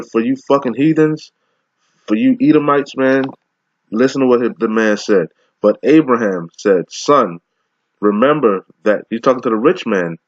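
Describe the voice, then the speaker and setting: A man giving an informal scripture lesson, mixing slow, deliberate verse readings with casual, profane slang asides and frequent laughs. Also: fairly low pitch, no room sound, highs cut off. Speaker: scripture teacher.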